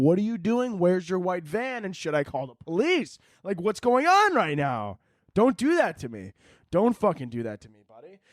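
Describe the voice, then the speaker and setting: A man's voice: mid-range voice, darkish tone, no room sound, studio quality. A young man hosting a podcast, ranting in a rambling, profane, jokey way. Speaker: podcast host. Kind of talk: casual comedic podcast monologue.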